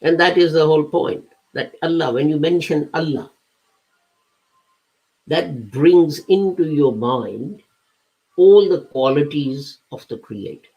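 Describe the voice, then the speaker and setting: A man's voice: on the high side, slow pace, dark tone, muffled recording. A man giving a patient, step-by-step talk that explains scripture, with occasional hesitations and self-corrections. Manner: patient, step-by-step teaching with everyday examples. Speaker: religious lecturer.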